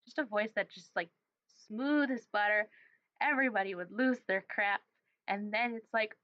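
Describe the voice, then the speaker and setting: A woman's voice: mid-range voice, moderate pace, pushed and bright, dry recording. A woman hosting a casual chat, speaking in a laid-back, playful way with frequent fillers. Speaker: podcast host. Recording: dull, slightly muffled sound.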